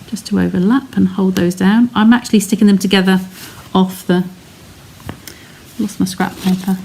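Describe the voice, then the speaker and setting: A woman's voice: mid-range voice, fairly even intonation, moderate pace, creaky, a little mellow. English woman, craft demonstrator, chatty and step-by-step, faint background noise. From England. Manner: chatty, narrates each step while reading live comments. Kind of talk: live card-making demonstration.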